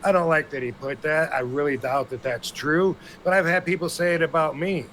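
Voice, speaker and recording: A man's voice: a little high, fairly even intonation, brisk, a bit bright, slight background noise. A man co-hosting a podcast, talking in a rambling, blunt and profane way. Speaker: podcast co-host. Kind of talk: casual podcast chat.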